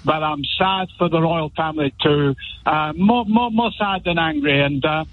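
A man in his seventies calling a radio phone-in, talking in a halting, emotional way and repeating his words. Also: on the high side, a little hiss or hum. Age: 70s. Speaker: caller. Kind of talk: phone-in call. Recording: muffled phone line.

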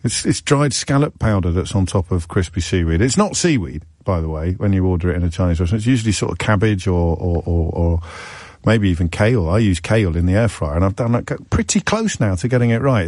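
A man's voice: on the low side, a little mellow, no room sound, clean studio sound. A man hosting a live radio phone-in, chatty and wry, thinking aloud with frequent restarts.

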